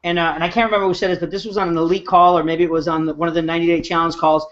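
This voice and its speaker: A man's voice: fairly high pitch, little pitch movement, racing, a bit bright. A man hosting a casual group video chat, agreeable and encouraging toward his co-hosts. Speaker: host. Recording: dull lo-fi video call audio.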